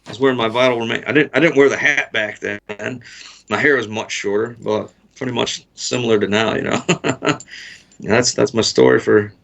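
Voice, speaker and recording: Gravelly, profane man telling a story. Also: medium pitch, steady tone, normal speed, fairly bright tone, lo-fi sound. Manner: profane, rambling, laid-back storytelling. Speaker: interview guest. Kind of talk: casual storytelling.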